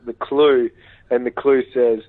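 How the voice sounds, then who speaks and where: A man on a tinny phone line tells a long story in a rambling, animated way, jumping in with quoted lines. His voice sits at an ordinary middle pitch. The call sounds dry and close. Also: a little slow, no echo. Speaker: interview guest. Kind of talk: casual phone interview storytelling.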